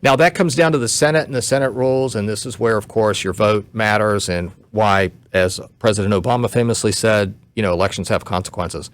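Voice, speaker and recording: A man's voice: on the low side, no room sound. A man who is a guest commentator, explaining law step by step on a talk radio show, short on sleep. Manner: measured, explains step by step, some restarts.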